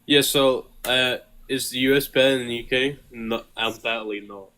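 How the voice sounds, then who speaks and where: A man's voice: mid-range voice, fairly even intonation, bright, forceful tone. A British man calling into a live stream to debate, arguing his points one by one. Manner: quick, argues point by point. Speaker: debate caller. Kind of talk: casual debate.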